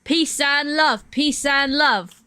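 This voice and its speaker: A woman's voice: high voice, takes it slowly, bright, forceful tone, dry recording, pitched above the performer's own voice, heavily acted. A woman doing an impression of a famous older male musician, drawing out mock-solemn warnings.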